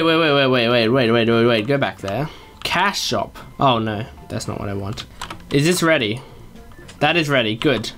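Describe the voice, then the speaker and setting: A man doing Let's Play commentary at his computer, chatting to himself and breaking into excited high yelps. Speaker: gaming YouTuber.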